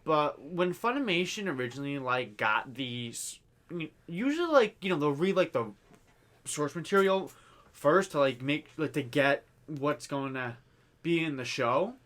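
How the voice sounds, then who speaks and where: Young man, podcast co-host, halting, lots of fillers, lively voice that jumps around. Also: on the high side. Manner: hesitant, halting, many fillers. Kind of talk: casual chat.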